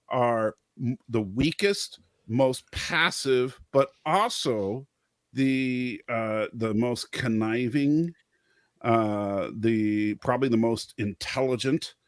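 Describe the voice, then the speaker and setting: A man's voice: mid-range voice, dry recording, studio quality. A man hosting a casual chat, theorizing with enthusiasm and often restarting his sentences. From Scotch-Irish descent. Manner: animated, theorizing, stumbles and restarts. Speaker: host.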